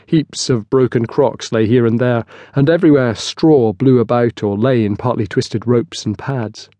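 A man narrating a historical novel in a steady, scripted storytelling style, close on a studio mic. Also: medium pitch, normal speed, no echo. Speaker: audiobook narrator.

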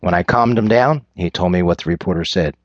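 A man's voice: low-pitched, a little fast, no room sound. A man voicing a furious wealthy father who blusters and swears at his daughter. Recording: dull lo-fi recording.

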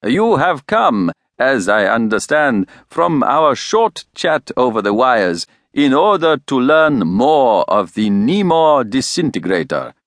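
Storybook villain: a velvety, fawning foreign schemer, read by a man, slow and sly. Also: mid-range voice, sing-song, a bit bright, dry recording, studio quality, full character voice. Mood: smug, oily. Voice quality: velvety, faint foreign accent. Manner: obsequious, smug. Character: oily scheming foreign male inventor.

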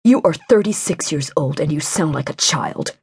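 A woman reading a weary, stern man who speaks in a flat, reproachful tone to his partner. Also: low-pitched, moderate pace, breathy edge, dry recording, clean studio sound, exaggerated voice.

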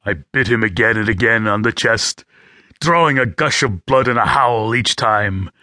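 Brief: male audiobook narrator, bright, forceful tone, dry studio sound, gritty first-person storytelling. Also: fairly low pitch, normal speed, no echo. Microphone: close studio mic.

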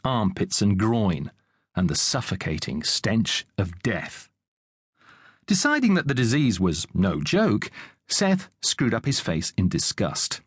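A man narrating an unabridged audiobook in a measured, expressive reading. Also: fairly low pitch, slightly rough, no echo, clean studio sound.

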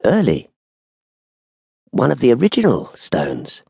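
A man voicing a calm, courteous beggar who speaks in a measured, quietly reverent way. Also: mid-range voice, slightly rough, dry recording, pitched above the performer's own voice.

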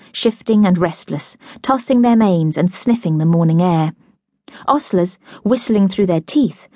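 A woman narrating a novel in an audiobook, with a measured, even storytelling manner. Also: lowish voice, no room sound, clean studio sound. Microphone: close studio mic.

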